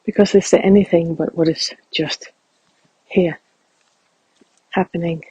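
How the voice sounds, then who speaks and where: A man speaking softly and reflectively as he guides a walking meditation outdoors in a field. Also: fairly high pitch, unhurried, slightly rough, no echo, highs cut off. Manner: calm, reflective, soft-spoken.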